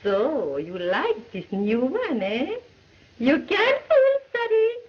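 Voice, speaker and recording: A woman's voice: high-pitched, big pitch swings, takes it slowly, full character voice. An actress playing a worldly, teasing cantina owner woman, in 1930s film acting. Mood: tender. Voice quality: laughing, coquettish. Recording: muffled old film soundtrack with hiss.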